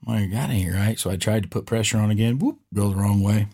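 A middle-aged man co-hosts a casual podcast, spinning a story and acting out every quoted line. His voice is low, mellow and husky. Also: fast. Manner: animated storyteller, acts out quotes. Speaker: podcast co-host.

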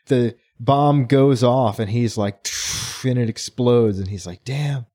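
A man's voice: mid-range voice, a little slow. A man co-hosting a book podcast, eagerly retelling scenes and acting out the characters' lines. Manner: excited retelling with acted-out quotes. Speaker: podcast co-host. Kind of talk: casual book club chat.

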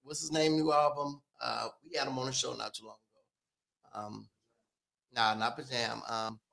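A man co-hosting a casual podcast chat, talking in a relaxed, halting way with many pauses to find words. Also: medium pitch, creaky. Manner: relaxed, halting, lots of fillers. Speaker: podcast co-host.

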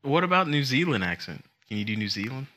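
A man co-hosting a casual podcast, joking and teasing, often trailing off softly. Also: mid-range voice, very animated, quick pace. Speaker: podcast co-host. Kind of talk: casual chat.

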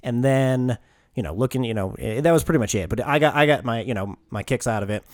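A young American man telling a story on a casual podcast, swearing freely as he goes. His voice rises and falls a lot at a middle pitch. The sound is close and dry. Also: fast talker, no echo. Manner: swears often, animated storytelling. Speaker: podcast co-host. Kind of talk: casual chat.

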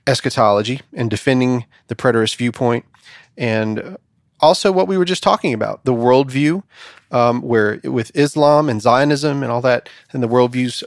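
A man's voice: medium pitch, dry recording, studio quality. A man hosting a podcast, chatting casually and telling jokes in an upbeat storytelling manner. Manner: upbeat, storytelling with acted quotes. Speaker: podcast host. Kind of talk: casual chat and joke telling.

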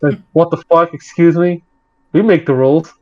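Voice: mid-range voice, moderate pace, muffled recording. Blunt, swearing player. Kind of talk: casual chat.

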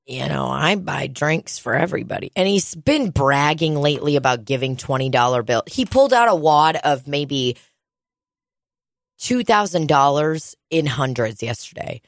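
A woman with a lowish voice tells a story in a lively, profane way, sliding into gruff impressions of the people she talks about. Her voice is recorded close and dry, with no room sound around it. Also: normal speed, no echo. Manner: animated, swearing, mimics people in low voices. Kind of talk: casual chat, storytelling.

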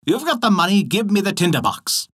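A man's voice: high voice, sing-song, fairly quick, a bit bright, slightly rough, pitched above the performer's own voice, exaggerated voice. A man voicing a sly, grasping old witch in a storybook tale, curt in manner.

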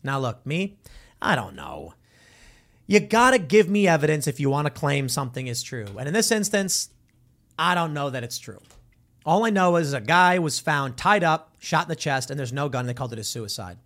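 Animated male commentary host. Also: on the high side, fairly quick. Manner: animated storytelling, acts out quoted voices. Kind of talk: casual commentary monologue.

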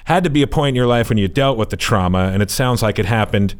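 A man's voice: lowish voice, fast talker. A man hosting a podcast interview, reflecting thoughtfully and affirming his guest with short agreements. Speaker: podcast host. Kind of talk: interview conversation.

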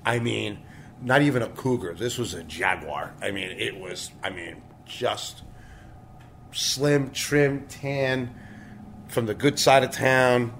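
A man's voice: mid-range voice, lively intonation, slow pace, creaky, fairly bright tone. A man with an ordinary mid-range voice tells a long, swaggering story in loose podcast banter. He swears freely and brags, and a faint ambient hiss sits under him. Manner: crude, swearing, boastful storytelling. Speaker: storytelling co-host. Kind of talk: casual podcast chat.

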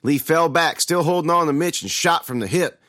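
A man's voice: fairly high pitch, normal speed, a bit bright, no room sound, clean studio sound. A man giving a dramatic first-person reading of a scripted horror tale. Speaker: storyteller.

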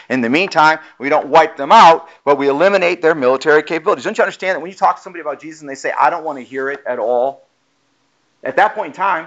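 Male pastor, higher voice, forceful sermon delivery, muffled recording. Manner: emphatic, acts out quoted voices while preaching. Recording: muffled lo-fi sound.

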